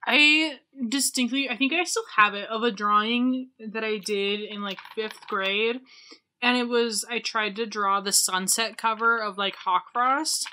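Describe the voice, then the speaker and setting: A young woman co-hosting a podcast in casual chat, playful and teasing, quick to laugh. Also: on the high side, sharp tone, a little hiss or hum. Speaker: podcast co-host.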